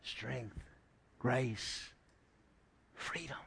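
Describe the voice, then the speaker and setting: A male pastor preaching a sermon, emphatic and joking, building up to shouted lines. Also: mid-range voice, very slow, gravelly, breathy edge.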